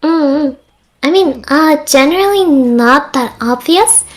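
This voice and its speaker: A woman's voice: high voice, lively intonation, takes it slowly. A woman, not a native English speaker, chatting casually as a guest, easygoing and laughing often. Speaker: guest streamer. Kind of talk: casual chat.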